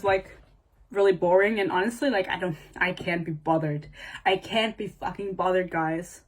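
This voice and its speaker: A young woman who reviews books rants casually and sarcastically at home, swearing bluntly and using lots of filler words. Her voice is medium-pitched and her speed normal, and the recording quality is low.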